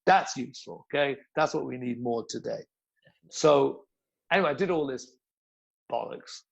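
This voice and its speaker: Blunt, gravelly man storyteller. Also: mid-range voice, moderate pace, dull audio. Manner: blunt, swearing, storytelling with repeats. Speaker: yoga teacher and guest. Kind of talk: casual interview chat.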